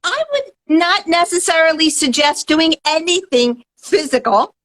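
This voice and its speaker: A woman guest who teaches mindfulness, explaining calmly and earnestly in an interview, often adding "right?". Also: very high voice, measured pace, poor audio. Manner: calm, earnest, explanatory, many "right?" tags. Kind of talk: interview answers.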